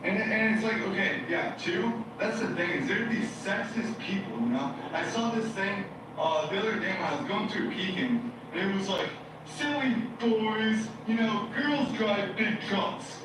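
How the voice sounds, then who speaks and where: A man with a high voice rambles in an agitated monologue at normal speed, repeating himself and using many fillers. It's a recording played back in a courtroom, heard from far off with heavy echo and a noisy background.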